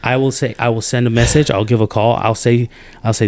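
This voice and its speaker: A man in a casual podcast chat, venting with exasperation and rising to high incredulous outbursts. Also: fast talker, gravelly, no room sound. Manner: animated and exasperated, voice jumps up when incredulous. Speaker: podcast co-host.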